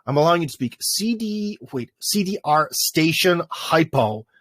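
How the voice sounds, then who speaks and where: A man's voice: fairly high pitch, animated, moderate pace, a bit bright, no room sound. Rambling, casual male livestream host. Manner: loose, rambling, filler-heavy talk. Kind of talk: casual chat. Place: in front of a green screen.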